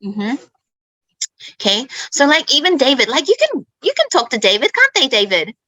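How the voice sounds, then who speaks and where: A woman's voice: high-pitched, very animated, normal speed, bright, forceful tone, no room sound, rough recording. A woman who grew up in Australia, hosting an online English chat in an emphatic way, often checking in with "okay?". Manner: emphatic, repeats herself, keeps asking "okay?". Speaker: host and English teacher. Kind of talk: casual online teaching chat.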